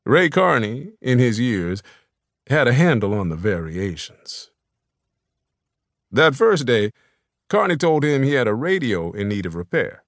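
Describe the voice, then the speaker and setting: Here a man of medium pitch reads an audiobook script, his storytelling measured and even. There's no echo, and the quality is studio-grade.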